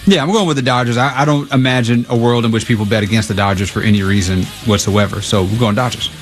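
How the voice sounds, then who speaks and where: A man's voice: mid-range voice, fairly even intonation, fast, faint music behind. A man guesting on a sports radio show, making easygoing picks in casual chat. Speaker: radio guest picking games.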